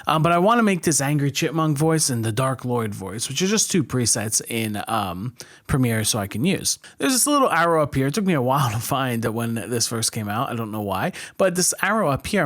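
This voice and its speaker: A man hosting a software tutorial, calmly walking through editing steps with occasional fillers. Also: medium pitch. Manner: relaxed step-by-step explaining, with fillers. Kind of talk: screen-recorded editing tutorial.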